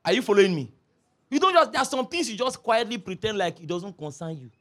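Pastor preaching, high voice, tells stories and repeats himself a lot. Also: male voice, fast talker. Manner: animated storytelling, repeats phrases, laughs often. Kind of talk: sermon.

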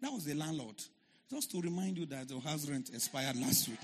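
A man preaching a sermon as a pastor, telling a story and shouting and chanting at its peaks. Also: fairly high pitch, animated, brisk, a little hiss or hum.

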